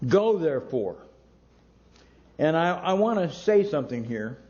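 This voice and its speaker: Slow, deliberate preaching man. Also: on the high side, sing-song, a little mellow, muffled recording. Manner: slow, emphatic preaching with long pauses between words. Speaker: pastor. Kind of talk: sermon.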